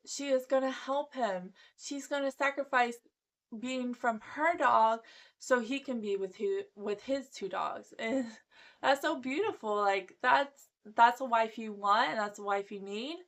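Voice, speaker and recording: A talkative woman recapping a reality show in a casual, gossipy way. Her voice sits a little high. She slips into playful impressions of the people she talks about. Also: a bit bright. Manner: chatty, gossipy, acts out quotes. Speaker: recap vlogger.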